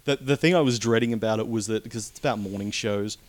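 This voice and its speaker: A man reviews films in a casual chat, wry and opinionated. His voice sits fairly low. He sounds relaxed and unhurried. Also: dry recording. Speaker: film reviewer co-host.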